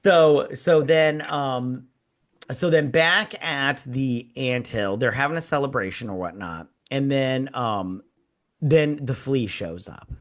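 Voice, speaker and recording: A man hosts a casual movie-review podcast, speaking slowly in a medium-pitched voice. He animatedly retells scenes, acts out characters' lines, laughs often, and makes crude jokes.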